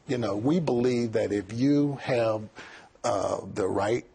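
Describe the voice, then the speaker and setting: A man's voice: medium pitch, slow, vocal fry, warm tone, a little hiss or hum. A middle-aged man, a college president, answering interview questions earnestly and often repeating words as he thinks.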